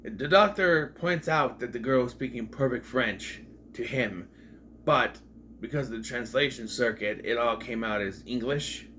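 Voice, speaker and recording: A man talking through a TV episode in a loose, rambling way, full of jokey asides. His pitch sits in an ordinary middle range. A faint hiss of background noise runs under the recording. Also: a little slow, pushed and bright. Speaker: video reviewer. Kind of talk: casual retrospective commentary.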